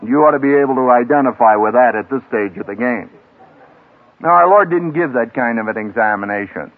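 Dramatic preacher on a tinny old broadcast. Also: male voice. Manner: dramatic, emphatic delivery with wide swings in pitch and loudness. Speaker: seminary professor preaching. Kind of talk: sermon to a graduating class. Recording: tinny lo-fi archival radio broadcast.

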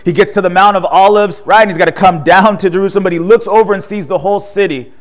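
A man with a somewhat high voice preaches a sermon as a pastor. He tells the story with animation and peppers it with rhetorical questions and "right?". At solemn moments he sinks into a quiet, low delivery. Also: fast. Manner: drops soft and low at solemn points.

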